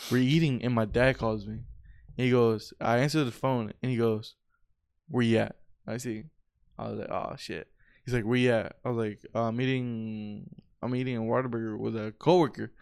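A young man with a smooth, resonant voice tells stories in a loose, casual way. He swears a lot and keeps saying bro. He sounds laid-back and unhurried. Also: medium pitch, steady tone, darkish tone. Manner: laid-back, profane, says bro often. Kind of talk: casual storytelling chat.

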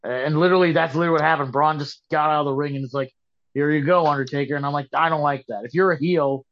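A man's voice: on the high side, steady tone, rapid-fire, a bit bright. A man co-hosting a casual wrestling chat, rambling and restarting his sentences, skeptical in tone. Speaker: podcast co-host. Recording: dull lo-fi podcast audio.

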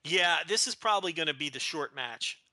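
A man's voice: on the high side, animated, a little fast, sharp tone, dry recording. A man from Texas co-hosting a wrestling podcast, joking and teasing in casual rambling chat. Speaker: podcast co-host.

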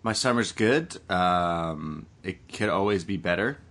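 Playful low-voiced podcast host. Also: male voice, lively intonation, measured pace, fairly bright tone. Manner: self-mocking, playful, trails off. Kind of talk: casual chat.

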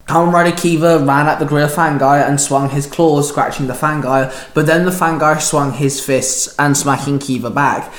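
A man narrating his story in a plain, steady reading with small stumbles. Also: fairly high pitch, normal speed, few pauses, reverberant, faint music behind. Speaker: fan fiction narrator.

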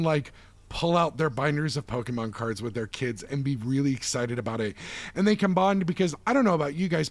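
A man in his thirties hosting a casual podcast chat, talking at length and telling stories in an animated, chatty way. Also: fairly high pitch, no echo. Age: 30s. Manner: chatty, animated storyteller who acts out voices. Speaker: podcast host.

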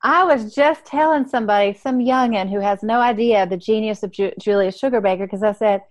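A woman with a Southern drawl talks as a podcast guest, chatty and warm as she tells her story. Her voice is mid-pitched and sounds dry and close to the mic, with no room around it. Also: fairly quick, no echo. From American South. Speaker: author and guest. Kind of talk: podcast interview.

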